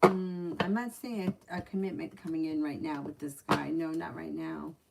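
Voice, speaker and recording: A woman with a low, gravelly voice reads tarot cards on a live stream. She talks in a chatty, blunt way and swears when she gets annoyed. A faint hiss of noise sits under her voice. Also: steady tone, moderate pace. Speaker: tarot reader.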